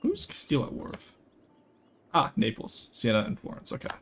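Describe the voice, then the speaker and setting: A young man streams a strategy game, narrating his moves and greeting viewers as they arrive. His pitch jumps around with lots of life while staying mid-range for a man. A faint hiss sits under his voice. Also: a little fast. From rural Canada. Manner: lively, chats with viewers while playing. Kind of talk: live gameplay commentary.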